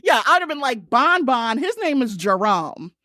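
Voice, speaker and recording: A woman's voice: high-pitched, sing-song, moderate pace, bright, forceful tone, dry recording. A woman guest on a podcast, chatting casually with dry comic asides and frequent laughter. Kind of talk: casual chat.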